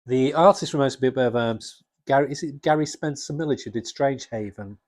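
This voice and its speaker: Husky, enthusiastic man, dry sound. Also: medium pitch, brisk, dry recording. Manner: enthusiastic, rambling with restarts. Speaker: comics vlogger. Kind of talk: casual chat.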